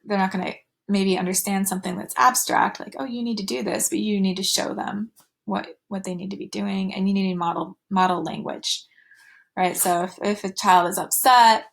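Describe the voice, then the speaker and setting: A woman's voice: mid-range voice, level tone, normal speed, vocal fry. A woman teaching a recorded slide lecture, with fillers and restarts, going sing-song when she models talk to children.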